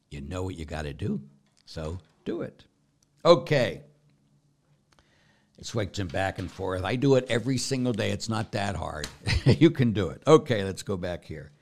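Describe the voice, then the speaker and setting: A priest with a fairly low male voice talks through viewer questions in a relaxed, conversational way. He reads each question aloud, then answers in plain words and walks the listener through an imagined scene one step at a time. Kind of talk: casual spiritual Q&A, reading questions aloud.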